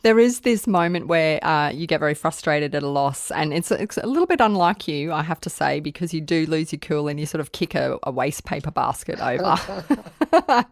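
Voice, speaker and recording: A woman's voice: sits low, animated, normal speed, no room sound, clean studio sound. A woman hosting an interview, asking questions and laughing along with her guest. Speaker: podcast host.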